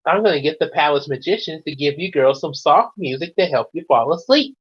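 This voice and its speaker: A man's voice: on the high side, lively intonation, a little fast, slightly rough. A man voicing a gracious woman who runs a palace, speaking politely in a read-aloud storybook. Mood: hospitable. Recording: dull lo-fi recording.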